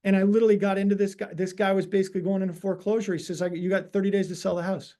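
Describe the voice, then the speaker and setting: A man in his forties, a real estate broker, telling animated stories on a webinar interview and acting out the dialogue. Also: high-pitched, racing.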